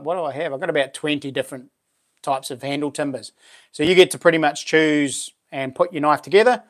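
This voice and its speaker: A man with a New Zealand accent hosting a casual live stream, chatting loosely and thanking viewers for their support. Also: fairly high pitch. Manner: chatty, thanks viewers warmly, lots of fillers and laughs. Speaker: livestream host and knifemaker.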